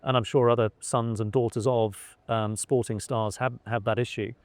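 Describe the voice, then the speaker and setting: A middle-aged man from England answers interview questions in a hesitant, halting way, full of fillers and self-corrections. His voice sits at a middle pitch. The recording is dry and close, with no room sound. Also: fairly even intonation, no echo. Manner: hesitant, many fillers and restarts. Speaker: interviewee, son of a cricketer. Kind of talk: conversational interview.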